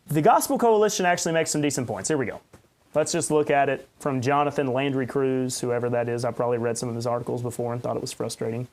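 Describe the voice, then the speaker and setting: A man's voice: mid-range voice, fast talker, a little mellow. A man, a pastor hosting a podcast, rambling and ranting in unscripted commentary with sarcastic asides.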